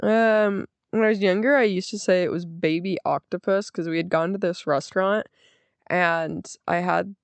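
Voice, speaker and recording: A young woman with an American accent hosting a podcast, casually telling a story, laughing often and doing the other people's lines in a higher voice. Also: fairly even intonation, moderate pace, creaky, clean tone, no room sound. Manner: giggly, acts out quotes in a higher voice. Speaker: podcast host.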